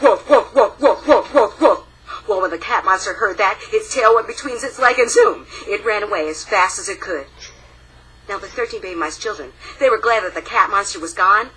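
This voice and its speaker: Woman, young adult, storyteller, children's folktale, animated, dramatic pauses, very bright, breathy. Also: medium pitch, low-quality recording.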